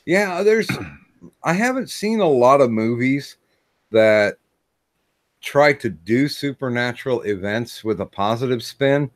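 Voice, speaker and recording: A man hosting a casual livestream chat, talking in a halting way with many fillers and restarts. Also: mid-range voice, animated, no room sound, clean studio sound. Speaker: stream host.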